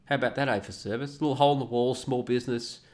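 A man's voice: mid-range voice, steady tone, quick pace, darkish tone. Profane ranting man. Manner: profane, ranting, mocking voices. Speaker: vlogger. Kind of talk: casual ranting monologue.

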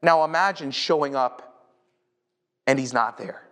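A North American pastor preaches in a casual, conversational manner, often repeating words as he begins a thought and rising sharply in pitch when he retells a story. He speaks a little slowly, with a slightly bright tone.

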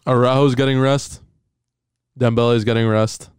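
Male co-host, playful football trivia, crisp and dry. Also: medium pitch, flat delivery, normal speed, dry recording. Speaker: podcast co-host. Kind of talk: casual sports prediction chat.

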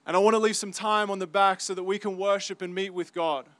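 A man with an Australian accent giving an earnest, halting personal testimony as a campus ministry speaker, his voice full of emotion. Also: high-pitched, steady tone, fairly bright tone, no echo.

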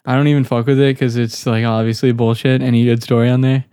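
A man's voice: medium pitch, flat delivery, fast, warm tone, clean tone, no echo, clean studio sound. A young man co-hosting a crude podcast chat, joking, laughing a lot and filling his talk with "like". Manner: jokey, laughs a lot, full of "like". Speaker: podcast co-host.

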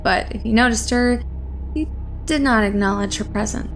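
Woman reading a creepy story, kinda high voice, slow and suspenseful. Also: soft background music. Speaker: narrator. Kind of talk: scripted narration of a horror story.

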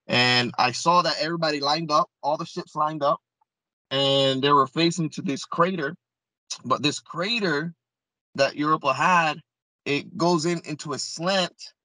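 Bright-voiced man telling an earnest story. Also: on the high side, dry recording, low-quality recording. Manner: earnest, repeats words and restarts phrases often. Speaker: interview guest. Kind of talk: casual first-person storytelling.

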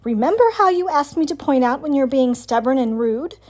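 A woman voicing a practical, firm mother beaver in a storybook reading, brisk and no-nonsense. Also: sits high, animated, a little mellow.

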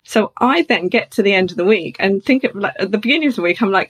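A woman's voice: mid-range voice, lively intonation, fast talker, few pauses, slightly rough. A woman speaking openly as an interview guest, chatty and laughing now and then as she tells hard personal things.

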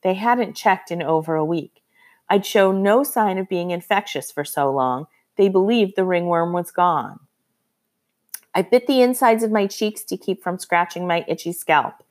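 A woman narrating a first-person storybook in an expressive, lively reading voice. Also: on the low side, a little slow. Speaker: audiobook narrator.

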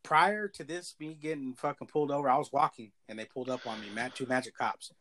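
A man's voice: mid-range voice, quick pace, a little hiss or hum. Profane man telling a street story. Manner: profane, animated street slang. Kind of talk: casual storytelling.

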